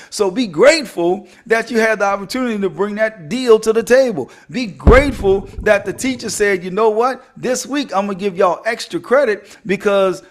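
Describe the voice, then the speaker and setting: Animated high-voiced man. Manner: animated, preachy, joking with listeners. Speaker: podcast host. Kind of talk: motivational podcast talk.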